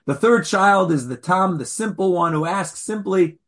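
A rabbi teaches his class in a chatty, animated way, tossing playful asides to the room. His voice is husky and sits a touch high for a man. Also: moderate pace. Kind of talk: conversational lecture.

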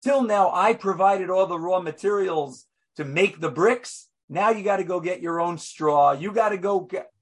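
A man's voice: sits high, moderate pace. A man voicing a scornful, defiant Egyptian king as he retells the story in a sermon. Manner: mocking, dismissive.

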